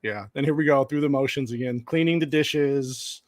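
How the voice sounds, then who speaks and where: A man's voice: mid-range voice, moderate pace, no room sound, studio quality. A man hosting a casual movie discussion, laughing often and acting out characters' lines. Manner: animated, laughs a lot, acts out characters' lines. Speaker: podcast host.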